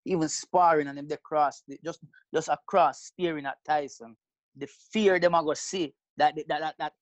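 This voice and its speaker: A man's voice: fairly high pitch, steady tone, normal speed, no echo. A man, talking emphatically in casual podcast banter. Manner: emphatic, patois-flavoured. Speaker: podcast co-host.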